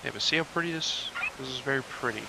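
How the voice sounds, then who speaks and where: A young man casually commentating over a game he is playing, rambling offhand with lots of fillers and casual swearing, hiccuping and clearing his throat now and then. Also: mid-range voice, fast talker, noisy background. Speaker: gaming channel host.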